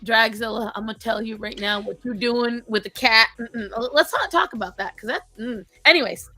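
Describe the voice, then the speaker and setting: Bright-voiced woman with a Rhode Island accent. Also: a little high, normal speed, soft background music. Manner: animated storyteller, swears freely, laughs often. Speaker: podcast co-host. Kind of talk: casual chat.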